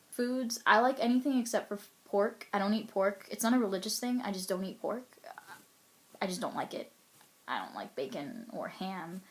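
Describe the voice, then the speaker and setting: A young woman in a casual vlog talks openly about her likes and dislikes. Her voice sits at an ordinary middle pitch, and she rambles a little with fillers and soft laughs. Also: slight background noise. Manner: chatty and candid, lots of ums and little laughs. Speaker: role-player answering a profile questionnaire. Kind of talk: casual to-camera chat.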